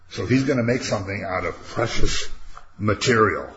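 A man's voice: on the low side, normal speed, fairly bright tone. A man teaching a casual Bible study class, talking conversationally, asking rhetorical questions and acting out quotes. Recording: dull lo-fi room recording with faint noise.

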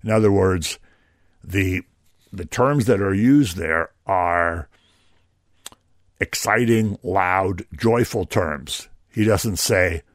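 A man's voice: deep voice, takes it slowly, no room sound, studio quality. A man preaching a conversational sermon, explaining scripture with asides and rhetorical questions.

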